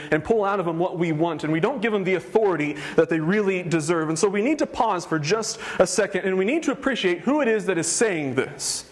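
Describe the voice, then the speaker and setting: A man preaching a sermon, earnest and emphatic, stressing his points through repetition. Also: high-pitched. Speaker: pastor.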